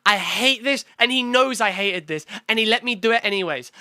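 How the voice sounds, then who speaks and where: A young man reacting to his own video on stream, excitable and swearing, talking in quick bursts. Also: high voice, clear, resonant tone, no echo, studio quality. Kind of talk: casual reaction commentary.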